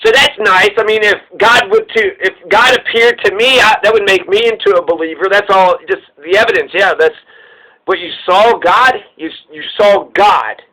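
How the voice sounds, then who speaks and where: A man's voice: sits high, moderate pace, bright, forceful tone, poor audio. A man giving casual, irreverent commentary, ranting with plenty of profanity. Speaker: podcast host.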